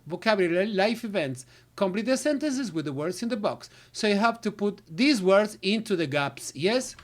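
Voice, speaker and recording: Lady teacher going thru exercises, la la ba ba fillers, easygoing. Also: medium pitch. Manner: filler syllables, switches to Spanish. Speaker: English teacher. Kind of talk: recorded lesson walkthrough.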